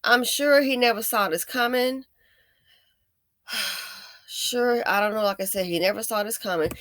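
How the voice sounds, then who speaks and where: Host of a commentary vlog: a woman with a bright, dry voice, sarcastic and emphatic. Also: measured pace, no echo. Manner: sarcastic and emphatic, with repeated jabs; shifts between loud stresses and low muttering. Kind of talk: opinion commentary.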